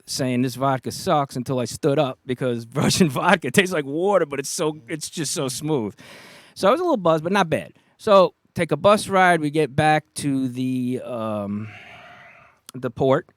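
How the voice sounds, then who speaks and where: A middle-aged man with a New York accent, casually telling an animated anecdote and acting out the voices of the people in it. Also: mid-range voice, normal speed, dry recording. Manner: animated anecdotes, acts out quoted voices, laughs often. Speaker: guest, retired police officer. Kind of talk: casual storytelling.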